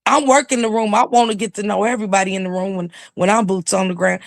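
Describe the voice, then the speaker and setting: A woman's voice: medium pitch, fairly even intonation, fast, creaky, hardly any pauses, dry recording, studio quality. A woman talking as a YouTube commentator in a casual livestream chat, with emphatic, preachy storytelling.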